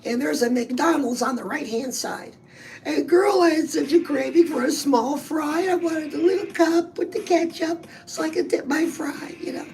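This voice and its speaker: Bubbly high-voiced woman fitness coach. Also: moderate pace, vocal fry, darkish tone, a little hiss or hum, poor audio. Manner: bubbly, chatty, calls listeners "girl". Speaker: fitness and weight-loss coach. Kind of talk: upbeat motivational vlog.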